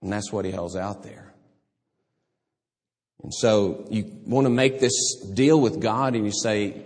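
A man's voice: on the low side, unhurried, long pauses, darkish tone. Older guy preaching, tells stories, does little voices, big hall echo. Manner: storytelling, acts out voices and laughs. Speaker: pastor. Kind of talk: sermon. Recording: long hall reverb.

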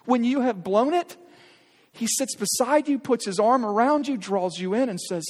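High-voiced pastor preaching in a reverberant sanctuary. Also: male voice, normal speed. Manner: earnest, urging, direct address with rhetorical questions. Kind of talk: sermon. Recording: long hall reverb.

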